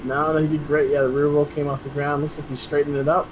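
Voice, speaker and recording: A man doing casual esports race commentary, chatty and quick to laugh, restarting his sentences often. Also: on the high side, monotone, a crowd in the background, poor audio.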